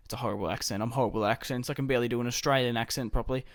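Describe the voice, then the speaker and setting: A man's voice: medium pitch, steady tone, racing, no room sound, clean studio sound. Man casually talking through a strategy game. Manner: casual, thinking aloud while playing. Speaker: gaming YouTuber.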